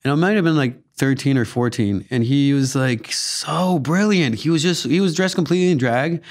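A young actor and comedian from Guatemala, speaking at medium pitch and a moderate pace, chats playfully in a casual interview. He laughs a lot, uses plenty of fillers, and acts out voices.

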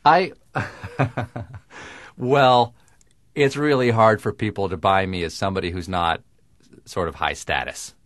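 A man with crisp, precise diction, talking in a dry, self-mocking way as a guest in a radio interview. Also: low-pitched, measured pace, pauses often, a bit bright, no room sound. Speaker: guest comedian.

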